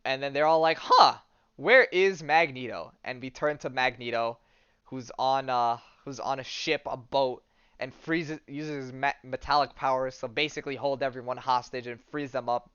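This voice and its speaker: Chatty male podcast host, smooth voice. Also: medium pitch, moderate pace, no echo, highs cut off. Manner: animated, jokey storyteller with many fillers. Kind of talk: casual chat retelling a comic.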